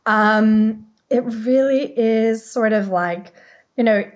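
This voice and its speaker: A woman's voice: fairly high pitch, slow. A woman who is a guest on a business podcast, explaining her views fluently and often adding "right?" and "you know". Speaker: guest, communications head. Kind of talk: conversational interview.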